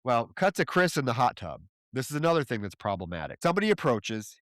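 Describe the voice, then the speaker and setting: A man's voice: medium pitch, big pitch swings, fast talker, dry recording, studio quality. Exasperated man recapping a movie plot. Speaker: podcast co-host. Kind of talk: casual film review chat.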